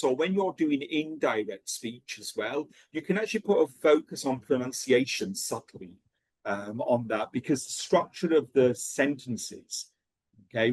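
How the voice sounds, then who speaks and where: A man's voice: mid-range voice, husky, no echo. A man leading an online teacher-training lesson, checking in often with "okay" as he explains. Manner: lively, checks in with frequent "okay".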